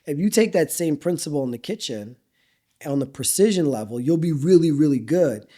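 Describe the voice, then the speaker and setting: A middle-aged man who is a chef and restaurant owner is a guest in a casual interview, where he tells lively stories, voicing the quotes and cursing freely. He talks briskly in a high-leaning voice.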